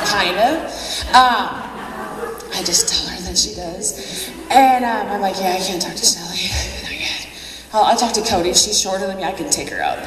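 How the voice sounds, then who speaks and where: A woman's voice: mid-range voice, very animated, slow pace, long pauses, crowd noise. Chatty laughing woman in a big echoey hall. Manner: chatty, laughing, self-mocking. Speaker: convention speaker. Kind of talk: personal story speech. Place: large convention hall. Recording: echoey hall, distant mic.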